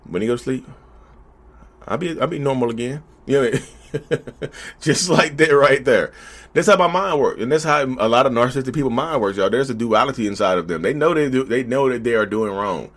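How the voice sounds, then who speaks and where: A man's voice: mid-range voice, animated, fairly quick, a bit bright. A man vlogging in a casual, preachy way, speaking straight to his viewers. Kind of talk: casual commentary to camera.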